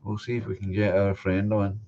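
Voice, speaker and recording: A man hosting a casual chat stream, affable and quick to acknowledge. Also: on the low side, little pitch movement, dark tone, muffled recording, a little hiss or hum. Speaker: host.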